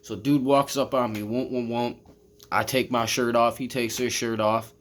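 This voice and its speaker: A man's voice: medium pitch, level tone, moderate pace. A man telling a long personal story to his camera in a casual, rambling way, swearing often and filling gaps with "I mean" and "you know what I'm saying". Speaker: vlogger. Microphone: camera, talking to viewers.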